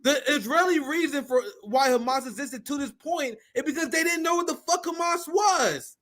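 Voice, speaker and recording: A very high-voiced man with a bright, ringing tone hosts a reaction stream. He talks bluntly and mockingly and swears freely. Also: normal speed. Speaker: political commentary host.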